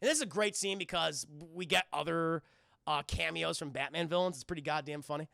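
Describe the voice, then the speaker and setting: Excitable guy recapping a cartoon for his stream chat, gravelly, bright, swears a lot. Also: on the high side, fairly quick, dry recording, studio quality. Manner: excitable, profane, laughing, acting out scenes. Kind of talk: casual scene-by-scene recap to a live chat.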